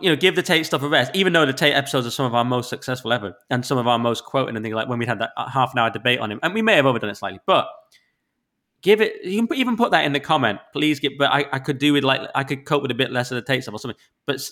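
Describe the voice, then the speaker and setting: A man with a Northern English accent, a podcast co-host in casual chat, ranting about listener reviews in an exasperated, sweary way while getting over the flu. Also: medium pitch. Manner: sweary, exasperated, animated rants with sudden loud spikes. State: recovering from flu.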